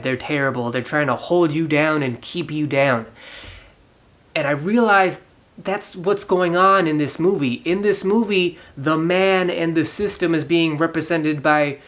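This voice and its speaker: A man recapping a film for his channel in a casual, animated way, with a slightly higher voice. He laughs often and slips into the characters' voices as he goes. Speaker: movie reviewer, channel host. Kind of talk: casual movie review retelling.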